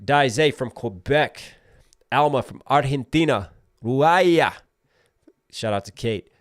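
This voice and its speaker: A man in his thirties from Maryland, hosting a live stream, rattling off viewer shout-outs at speed before closing with a calm, reflective message to his audience. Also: mid-range voice, dry recording, clean studio sound. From Maryland, USA. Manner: rapid roll-call of viewer names, then slower and reflective. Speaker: livestream host.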